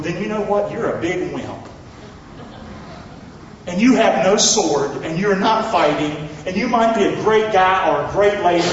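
A male pastor preaching a blunt, rousing sermon that swings from loud calls to hushed lines. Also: sits high, slight background noise. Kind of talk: fiery sermon. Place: large church hall. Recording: echoey hall, distant mic, dull sound.

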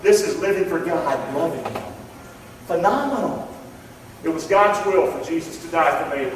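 A man's voice: on the high side, lively intonation, moderate pace, slight background noise. A male pastor with a Southern US accent preaching a folksy, impassioned sermon with call-and-response in a church sanctuary. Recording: echoey hall, mic far off.

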